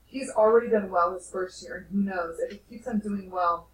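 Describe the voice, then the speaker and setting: A woman's voice: mid-range voice, moderate pace, close to an everyday voice. A woman teacher reading aloud to a class, voicing a humble mother who pleads patiently. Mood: pleading. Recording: distant echoey classroom, faint noise.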